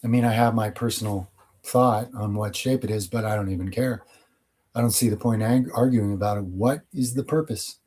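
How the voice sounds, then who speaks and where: Blunt, mellow-voiced man answering questions. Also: fairly low pitch, moderate pace. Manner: blunt, opinionated and rambling. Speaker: channel host answering viewer questions. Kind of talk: casual Q&A monologue.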